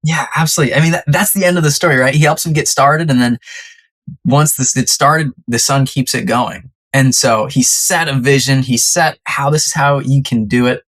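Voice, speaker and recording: Podcast guest, conversational storytelling, animated, acts out quotes, mid-range pitch. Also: normal speed.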